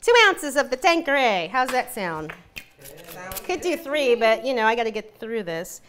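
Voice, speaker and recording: A woman's voice: on the high side, very animated, moderate pace, a bit bright. A woman hosting a live cooking demonstration, chatty and giggly. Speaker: cooking show host.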